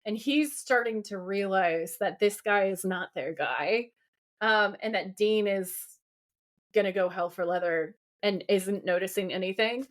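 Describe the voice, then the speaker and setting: A woman's voice: mid-range voice, measured pace. A woman co-hosting a podcast, recapping a TV episode in casual chat and acting out the characters' lines as she goes. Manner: lively retelling, acts out the characters' lines. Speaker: podcast co-host.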